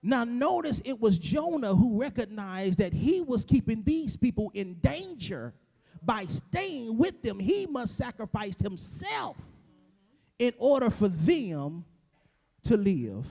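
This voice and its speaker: A man delivers a church sermon in a strikingly high voice. His pitch moves in wide, lively swings. He builds to a whooping, shouted cadence full of repeated phrases. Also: takes it slowly, creaky. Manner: call-and-response repetition. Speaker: preacher.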